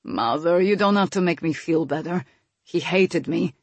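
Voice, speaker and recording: A woman's voice: lowish voice, moderate pace, dry recording. A woman voicing a guarded young nobleman who speaks earnestly, in an audiobook reading.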